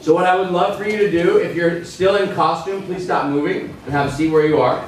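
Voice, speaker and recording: A man's voice: high voice, steady tone, brisk. Encouraging male teacher in an echoey hall. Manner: encouraging, directive. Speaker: teacher leading audience feedback. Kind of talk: classroom moderating. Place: school hall. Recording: echoey hall, distant mic, background noise.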